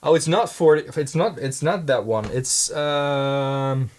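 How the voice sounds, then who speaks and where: A man's voice: on the high side, takes it slowly, hardly any pauses, a little mellow. A man who makes his own paints, chatting casually in his studio while thinking aloud, hesitant and rambling with many restarts. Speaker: handmade paint maker.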